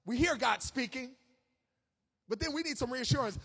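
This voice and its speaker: Man preaching, very high voice, husky, hushed readings then shouting, long reverb of a church hall. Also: normal speed, pauses often. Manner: swings from hushed scripture reading to shouted exhortation. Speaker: pastor. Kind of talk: sermon. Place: church sanctuary.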